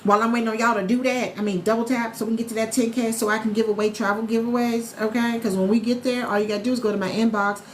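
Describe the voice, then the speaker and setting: A woman's voice: on the high side, little pitch movement, fast talker, few pauses, a little hiss or hum. A woman hosting a casual live stream, chatting upbeat with viewers, greeting followers by name and repeating her key points. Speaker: live stream host recruiting travel agents. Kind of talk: casual sales pitch on a social live stream. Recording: roomy echo with faint background ambience.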